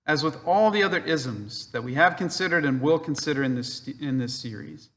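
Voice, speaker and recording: A man giving a measured, earnest spiritual reflection, pausing for emphasis. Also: a little high, lively intonation, fairly bright tone, big-room sound. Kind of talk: spoken reflection.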